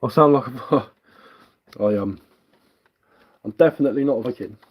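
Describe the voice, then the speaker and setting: The recording is muffled, and his medium-pitched voice comes at a moderate pace with slight roughness. A livestreaming bushcraft woodcarver from England, he talks in London Cockney with a hint of Sussex, casually rambling and replying to viewer comments.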